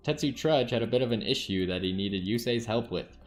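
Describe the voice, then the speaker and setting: A man calmly narrating his card game moves and thinking aloud as he plays. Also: mid-range voice, fairly quick, soft background music. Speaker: gaming channel host. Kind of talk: casual game commentary.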